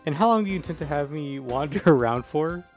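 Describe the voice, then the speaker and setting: A poised, formal prosecutor , as a man reads him speaks with composed dignity. The voice sits a little high for a man. Faint music plays underneath. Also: expressive, fairly quick, a little mellow, lightly acted.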